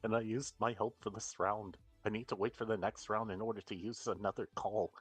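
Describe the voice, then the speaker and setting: A man playing a tabletop game, slow and deliberate, thinking out loud. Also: fairly low pitch, fairly even intonation, breathy edge, no room sound, soft background music. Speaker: player.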